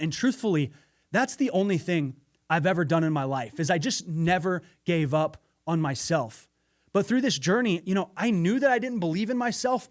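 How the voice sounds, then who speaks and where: Earnest man telling a motivational story. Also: sits high. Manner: earnest, candid, occasional profanity. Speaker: podcast host.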